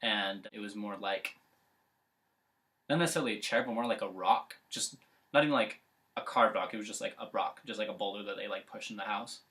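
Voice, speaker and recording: A man's voice: on the low side, brisk, sharp tone. A man casually retelling a fairy tale, rambling with lots of fillers.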